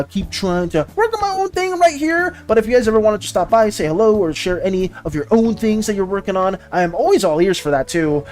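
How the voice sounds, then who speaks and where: An art streamer chatting casually and rambling while working and reading chat on a live stream. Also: medium pitch.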